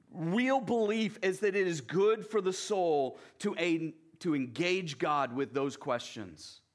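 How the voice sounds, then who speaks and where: Slow-spoken man preaching a sermon. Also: high-pitched. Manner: conversational, with frequent asides to the listeners. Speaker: pastor.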